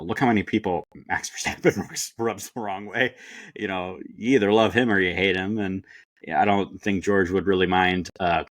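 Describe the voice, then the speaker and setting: Low-voiced man hosting a chat podcast. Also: no echo. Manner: hesitant, many fillers and restarts. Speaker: podcast co-host. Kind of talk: casual chat.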